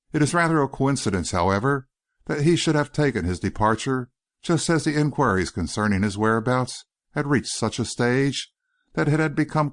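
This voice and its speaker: Reading an audiobook in a mid-range voice, a man lightly acts the part of an earnest, courteous young gentleman who pleads politely and persistently.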